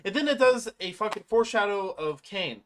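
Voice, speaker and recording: Rambling plot recap, casual tone, frequent swearing, animated quoting, middle pitch. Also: brisk, a little hiss or hum. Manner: rambling, swears often, acts out quotes in animated voices. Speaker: movie reviewer.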